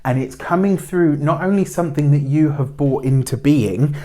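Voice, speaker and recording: A man's voice: fairly high pitch, normal speed, mellow. A man giving a weekly tarot reading in a chatty, rambling way, with spiritual phrasing and frequent fillers. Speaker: tarot reader.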